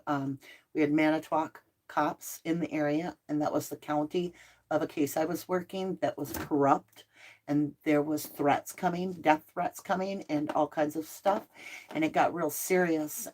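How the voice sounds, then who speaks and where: A middle-aged woman hosting a casual livestream, chatting and answering viewer comments. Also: deep voice. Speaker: livestream host.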